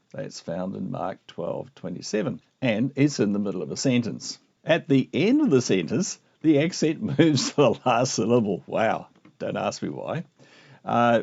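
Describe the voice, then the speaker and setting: A man teaching a video lesson on Greek grammar, explaining with lively asides. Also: medium pitch. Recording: muffled lo-fi recording.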